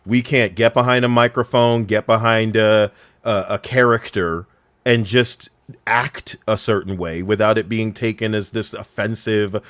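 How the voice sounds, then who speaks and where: A man in casual podcast chat, talking in animated, profane rants with quick asides. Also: on the low side, no room sound. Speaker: commentator.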